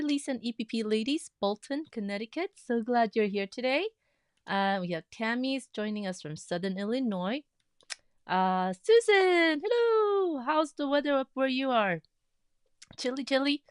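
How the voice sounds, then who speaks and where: Woman host, casual livestream chat, excitable greetings, dry close-miked sound. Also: a little high, smooth, no echo. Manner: chatty, greets viewers with bursts of excitement. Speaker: livestream host of a quilting group.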